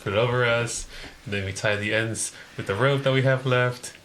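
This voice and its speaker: A man playing a tabletop game, chatty and quick to laugh. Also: medium pitch, fairly even intonation, a bit bright, slight background noise. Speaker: player.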